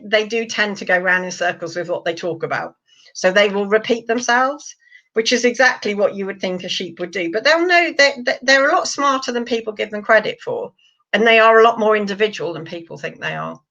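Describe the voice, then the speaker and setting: A woman's voice: medium pitch, normal speed. A woman, an animal communicator answering interview questions in a chatty storytelling way. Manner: chatty, lively storyteller, full of fillers. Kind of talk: interview guest telling anecdotes. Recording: slightly muffled lo-fi sound.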